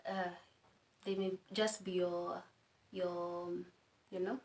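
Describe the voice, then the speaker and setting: A young woman with a Kenyan accent speaks slowly in a fairly low, somewhat dark voice with flat delivery. She is a guest in a casual conversation, offering friendly advice and laughing at her own stories.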